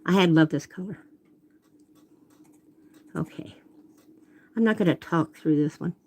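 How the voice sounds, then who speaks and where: A woman's voice: fairly low pitch, measured pace, warm tone. Chatty woman painting live on stream. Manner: chatty, self-interrupting, apologetic. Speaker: watercolor artist hosting a live stream. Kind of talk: casual live demonstration chat. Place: home art workspace. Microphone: phone camera.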